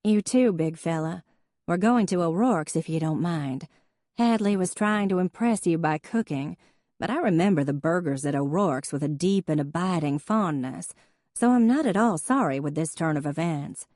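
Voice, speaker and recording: Female narrator puts on a brash, joking young woman vet with a Southern drawl, mellow and a little low. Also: lively intonation, moderate pace, dry recording, clean studio sound, close to an everyday voice. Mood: breezy. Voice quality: drawling good-old-boy put-on voice.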